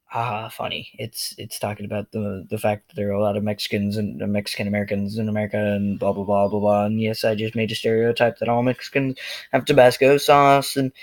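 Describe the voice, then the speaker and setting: A man ranting to the camera in a loose, rambling, jokey way, full of fillers. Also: on the low side. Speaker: vlogger. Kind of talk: rambling monologue rant.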